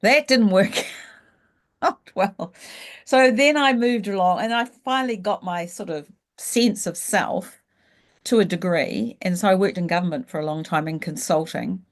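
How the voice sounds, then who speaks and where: A middle-aged woman, telling her story frankly and reflectively as an interview guest. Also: lowish voice. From New Zealand. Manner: frank and reflective, slows down when thinking back. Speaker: guest, leadership coach. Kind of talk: candid storytelling in a casual interview.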